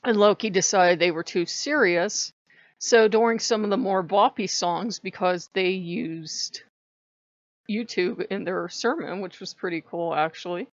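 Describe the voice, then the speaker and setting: A woman vlogging from home in casual chat, animated and prone to laughing as she tells a story. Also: medium pitch, no room sound, lo-fi sound.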